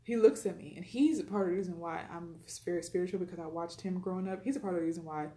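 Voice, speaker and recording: A woman's voice: lowish voice, very fast, warm tone, echoey room. A woman telling a personal story in a chatty way, retelling dialogue with lots of fillers.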